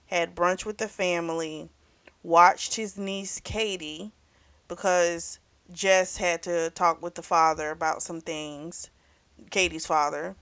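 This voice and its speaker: A woman hosting a book club channel, casually retelling a novel's plot in a chatty, animated way with frequent "you know"s. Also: lowish voice, smooth.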